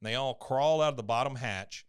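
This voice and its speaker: A man's voice: medium pitch, moderate pace, clean tone. A man co-hosting a podcast, recapping a cartoon episode in a laid-back, chuckling storytelling manner. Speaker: podcast co-host.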